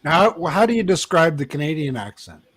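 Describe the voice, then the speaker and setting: A man's voice: on the high side, very animated, fairly quick, a bit bright, husky. A man on a casual group call, laughing easily and telling little stories. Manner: laughing, storytelling, jokey. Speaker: call guest. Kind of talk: casual chat.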